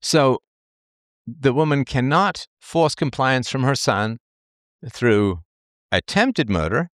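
A man's voice: mid-range voice, expressive, takes it slowly, fairly bright tone, no room sound, studio quality. A man delivering an opinion monologue as a commentator, rambling and emphatic, often repeating himself and brushing details aside. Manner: dismissive asides.

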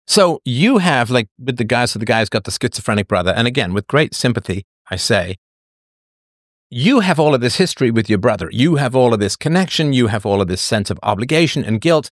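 A man in a middle-pitched voice hosts a casual talk show and works through viewer comments. He wanders off on tangents, throws in sardonic asides, and often laughs mid-sentence. The sound is dry, with no room around it. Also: expressive, brisk, hardly any pauses, dry recording. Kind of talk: casual livestream monologue.

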